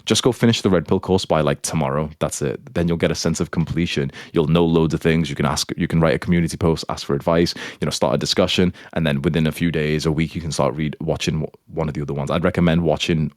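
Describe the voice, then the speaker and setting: A man with a deep, low voice rattles off dating advice at a rapid clip. He is blunt and crude, swearing freely as he lectures his audience. The sound is close and dry. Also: steady tone, no room sound. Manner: lecturing, instructive. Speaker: dating advice host answering questions. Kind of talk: casual advice monologue.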